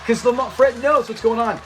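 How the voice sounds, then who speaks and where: With a very high, fairly bright voice at normal speed, this man hosts his own channel and gushes about a classic sitcom. His chat wanders enthusiastically, often restarting and quoting lines from the show.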